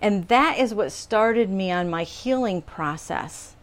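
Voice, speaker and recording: A middle-aged woman tells a personal testimony in a relaxed, conversational voice. She speaks earnestly at a medium pitch and slips into the voices of the people in her story as she goes. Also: takes it slowly.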